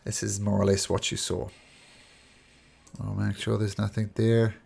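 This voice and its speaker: A man's voice: lowish voice, completely flat delivery, measured pace, gravelly, darkish tone, breathy edge. A man narrating as a tabletop game master, rambling with many fillers.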